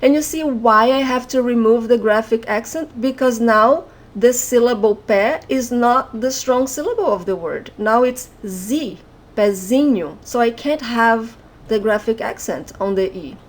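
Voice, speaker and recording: A woman's voice: on the high side, moderate pace. A young Brazilian woman with a Brazilian accent teaching an online language lesson, patiently repeating example words.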